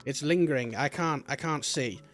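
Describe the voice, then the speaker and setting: A man's voice: fairly high pitch, moderate pace, a bit bright, a little hiss or hum. A man streaming a video game, giving casual, rambling commentary with jokes and remarks aimed at the game and the camera. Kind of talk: casual let's-play commentary. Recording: game music playing behind.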